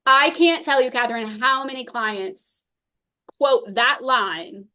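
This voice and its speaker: A woman in her thirties, a therapist and podcast guest, telling stories quickly and laughing often. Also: fairly high pitch, highs cut off. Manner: fast, lively storytelling, laughs often. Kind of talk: casual interview conversation.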